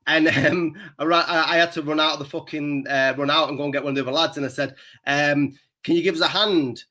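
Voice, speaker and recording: Male podcast co-host, somewhat high, bright and tense, rambling sweary anecdotes. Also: steady tone, quick pace. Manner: rambling, swears constantly, laughs at his own story. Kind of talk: casual storytelling chat.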